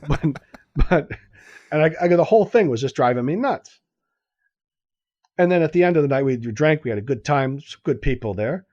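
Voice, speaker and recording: A man's voice: a little high, brisk, pauses often, no echo, dull audio. Podcast man, storyteller, acts out both sides of the talk, laughs a lot, dry close sound. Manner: animated anecdote-telling, acts out dialogue, laughs often. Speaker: podcast co-host telling a story. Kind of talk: casual chat, storytelling.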